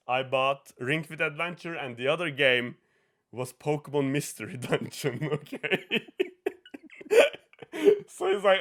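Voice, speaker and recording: A young man with a Norwegian accent, hosting a podcast and telling an animated story, swearing and laughing often as he acts out what people said. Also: fairly high pitch, unhurried, long pauses. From Norway. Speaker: podcast host. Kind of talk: casual chat, storytelling.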